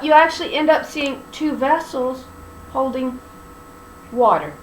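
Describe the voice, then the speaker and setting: A woman's voice: high-pitched, a bit bright. A woman teaching scripture in an emphatic preaching style, mixing colloquial, sarcastic asides into her reading. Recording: echoey room with faint hum.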